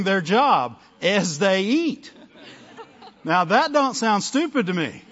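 A man's voice: high voice, very animated, slow, fairly bright tone, some chatter behind. Man preaching on a dull lo-fi recording. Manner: conversational preaching, frequent "amen?" and "right?" to the congregation. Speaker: pastor. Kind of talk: sermon.

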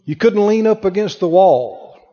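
High-voiced preacher in an echoey hall. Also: male voice, measured pace, lo-fi sound. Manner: animated storytelling, acting out voices. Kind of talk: sermon with personal story.

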